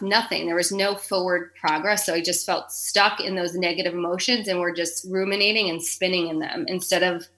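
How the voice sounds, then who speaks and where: This is a woman in her thirties speaking as a guest on a podcast. Her voice sits slightly low but has a bright, forceful edge. She talks openly and emotionally, sprinkling in curse words and plenty of "like.". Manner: frank and emotional, swears freely, heavy use of "like". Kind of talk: candid interview conversation.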